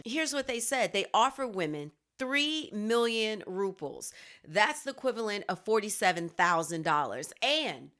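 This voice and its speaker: A woman hosting a news commentary show, talking straight to viewers with animated indignation. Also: medium pitch. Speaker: show host.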